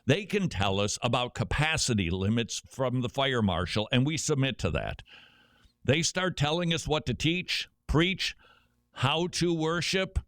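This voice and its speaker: A middle-aged man hosting a talk radio show, telling stories with quick joking asides. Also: mid-range voice, animated, a bit bright, no echo, clean studio sound.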